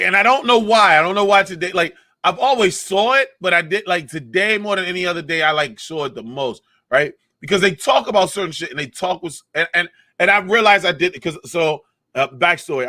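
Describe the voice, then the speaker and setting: A man co-hosting a casual comedy podcast, ranting with lots of swearing and animated emphasis. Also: sits high, dry recording, studio quality. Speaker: podcast co-host.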